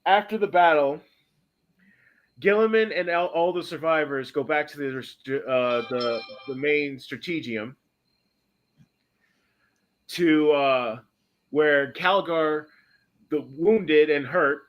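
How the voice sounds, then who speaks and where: A man hosting a podcast, casually retelling a story in a rambling way, correcting himself often and breaking into bursts of excitement. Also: fairly high pitch, slow, pauses often, lo-fi sound. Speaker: podcast host.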